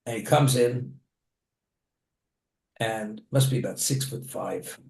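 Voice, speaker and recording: A man's voice: medium pitch, takes it slowly, darkish tone, roomy sound. A man delivering a plain-spoken sermon, telling a story from his own life with the occasional restart.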